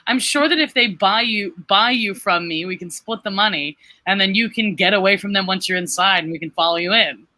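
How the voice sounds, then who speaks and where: A woman's voice: medium pitch, brisk, few pauses, pushed and bright, no echo, low-quality recording. A woman playing in a tabletop game, talking in a chatty, playful way with lots of fillers. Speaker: player. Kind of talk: casual tabletop game chat.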